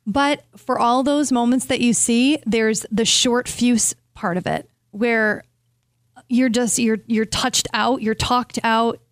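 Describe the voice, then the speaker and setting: A woman's voice: fairly high pitch, fairly even intonation, slow, no echo, studio quality. A woman co-hosting a casual chat, talking candidly and self-deprecatingly about work and motherhood. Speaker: co-host.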